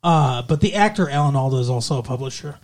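A man's voice: mid-range voice, fast talker. Chatty man retelling a movie scene. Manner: animated, acts out characters' lines while retelling scenes. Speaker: podcast co-host. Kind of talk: casual movie-review chat.

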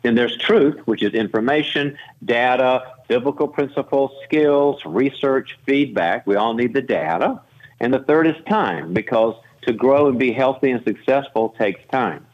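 A man's voice: moderate pace, muffled recording. A man talking through ideas and stories in an interview, acting out the people he quotes with jumps in his voice. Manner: animated, acts out quoted voices with pitch jumps. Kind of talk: conversational storytelling interview.

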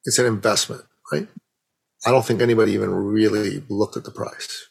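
A middle-aged man with a low, gravelly voice and a husky edge tells a personal story as a guest. He is animated and emotional, slipping into the voices of the people he describes. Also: fairly quick, rough recording. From Iran. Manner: animated storyteller who acts out dialogue.

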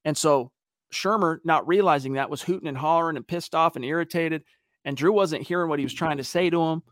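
Animated man hosting a sports podcast. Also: fairly high pitch, fairly quick, dry recording, clean studio sound. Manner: animated storyteller, acts out quotes. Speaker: podcast host reading viewer questions. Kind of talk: casual sports podcast talk.

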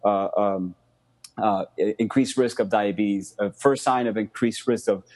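A man telling a friend's health story in casual storytelling, animated, with many fillers and repeated words. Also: fairly low pitch, unhurried.

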